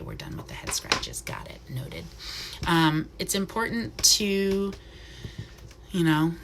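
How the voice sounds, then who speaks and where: Low-voiced woman chatting about wildlife. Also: a little hiss or hum. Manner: chatty, soft cooing asides to the owl. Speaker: wildlife educator. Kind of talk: live-streamed educational talk. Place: wildlife center room.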